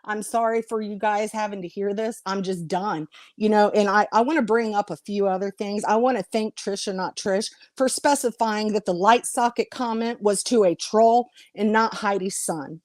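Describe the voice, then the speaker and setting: A woman's voice: mid-range voice, normal speed, few pauses, a little mellow, dry recording, clean studio sound. A woman YouTuber ranting to her viewers on her vlog, blunt and confrontational, swearing freely. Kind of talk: heated vlog rant to viewers.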